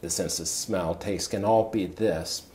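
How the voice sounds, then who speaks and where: A man in his sixties, a coach, telling a personal story in a conversation with big swings of pitch. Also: fairly even intonation, unhurried, darkish tone, a little hiss or hum. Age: 60s. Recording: echoey room with faint ambience.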